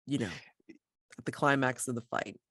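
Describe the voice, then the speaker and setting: A woman narrating a tabletop role-playing game as game master, describing scenes in a measured way. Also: rumbling low, steady tone, a bit bright, no room sound, studio quality.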